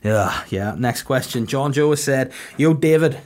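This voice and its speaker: A man in his thirties with a Northern Irish accent, hosting a podcast with crude, deadpan comic storytelling. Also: mid-range voice, a little slow. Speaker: podcast host. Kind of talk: casual comedic podcast chat.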